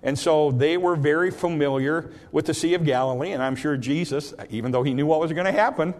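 A pastor delivering a sermon in a somewhat high voice for a man. He retells the story in a relaxed, folksy way, full of fillers and restarts. Now and then he bursts out with loud, dramatic quotes. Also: brisk.

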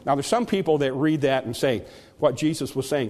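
A man's voice: medium pitch, animated, a little fast, a little mellow, big-room sound. A man preaching a sermon in an earnest, conversational way, often restarting his words.

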